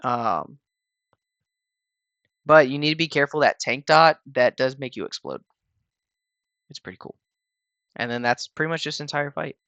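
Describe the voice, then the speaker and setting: A man casually talking viewers through a video game raid fight in a relaxed, rambling way, with lots of fillers and restarts. He sounds a little tired. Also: medium pitch, moderate pace, pauses often, clean tone, dry recording. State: tired, yawning. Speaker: gaming channel host explaining a raid. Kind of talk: casual gameplay walkthrough voice-over.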